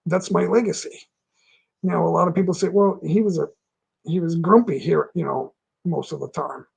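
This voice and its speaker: A man's voice: fairly high pitch, steady tone, moderate pace, vocal fry, darkish tone, husky. A middle-aged man hosting a casual livestream, rambling through stories with frequent restarts and laughing at his own anecdotes. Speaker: livestream host. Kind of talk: casual chat reading out viewer comments.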